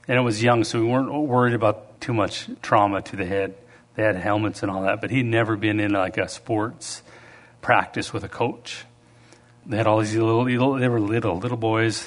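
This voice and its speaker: A middle-aged man preaching a sermon, telling stories and shouting out the lines of the people in them. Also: medium pitch. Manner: storytelling, acts out quoted voices loudly. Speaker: pastor.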